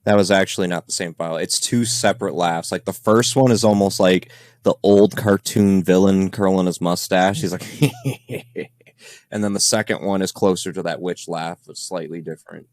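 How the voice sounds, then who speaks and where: Low-voiced man rambling on a podcast. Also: steady tone, a little fast, a little mellow, no echo. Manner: loose and rambling, with many fillers. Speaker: paranormal investigator reviewing evidence. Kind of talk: casual podcast chat.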